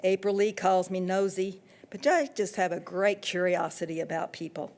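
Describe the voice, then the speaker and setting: A woman author reading from her own novel with steady, expressive storytelling. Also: lowish voice, moderate pace, few pauses.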